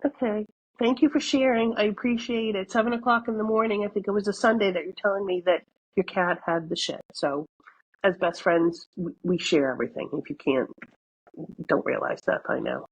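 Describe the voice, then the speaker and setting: A woman's voice: fairly low pitch, steady tone, a little fast, husky, muffled recording. A middle-aged woman co-hosting a podcast, chatty and storytelling, laughing often and swearing casually. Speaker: podcast co-host. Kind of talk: casual chat.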